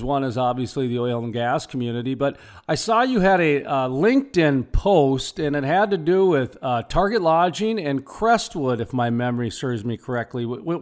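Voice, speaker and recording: A man hosting a radio interview program, chatty and enthusiastic, rambling off on tangents. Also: fairly high pitch. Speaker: radio host.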